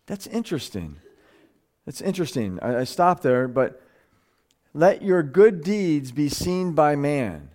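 A man with a somewhat high voice preaches a live sermon to his congregation. He is earnest and a little clumsy with words, often restarting phrases. When he drives a point home, his pitch climbs and his pace quickens. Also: sing-song, a little mellow.

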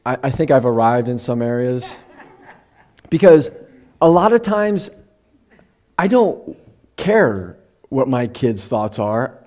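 A middle-aged man preaching a casual, heartfelt sermon to his congregation. His voice moves up and down a lot, and he slows down to read passages aloud. He talks like he is chatting, and now and then he gets emotional. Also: mid-range voice, very animated, a little mellow. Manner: conversational, often gets emotional. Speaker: pastor.

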